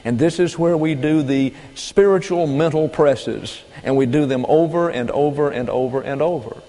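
A man's voice: a little high, mellow. Man preaching in a reverberant hall. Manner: measured, lecturing, with frequent fillers and restarts. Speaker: pastor teaching a Bible class. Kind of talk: sermon-style Bible teaching.

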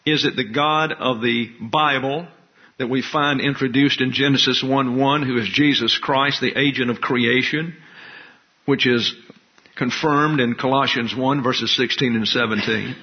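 A male preacher works slowly through his point, restating key phrases so they land. His voice sits at an ordinary middle pitch. The recording is a little dull and lo-fi. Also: fairly even intonation. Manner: measured, methodical, repeats key phrases. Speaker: Bible teacher. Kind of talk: expository sermon.

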